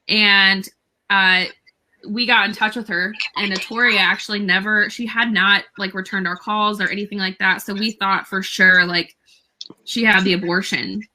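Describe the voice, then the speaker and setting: Bright-voiced young woman telling a story. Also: mid-range voice, rough recording. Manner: animated, many fillers and quoted dialogue. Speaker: guest. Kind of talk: casual storytelling interview.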